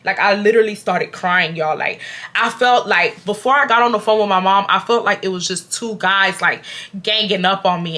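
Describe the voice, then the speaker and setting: A woman in her twenties from Houston, Texas, telling a storytime to camera in an animated, casual way and often calling her viewers "y'all". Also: mid-range voice. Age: 20s. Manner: animated, addresses viewers as "y'all", acts out quotes.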